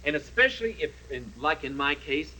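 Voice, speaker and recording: A pompous rambling dragon. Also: male voice, fairly high pitch, expressive, a little fast, sharp tone, a little hiss or hum, pitched below the performer's own voice, poor audio. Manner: pompous, rambling salesman patter. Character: boastful good-natured male dragon, perennial candidate. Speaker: puppet character. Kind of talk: 1970s TV puppet comedy.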